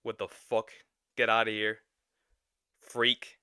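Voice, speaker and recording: Young male streamer, very bright tone, dry close sound, exasperated and profane. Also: fairly low pitch, monotone, takes it slowly, clean tone, no echo. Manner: loud, exasperated, swearing rant. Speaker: streamer reacting to a clip. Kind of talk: reaction commentary.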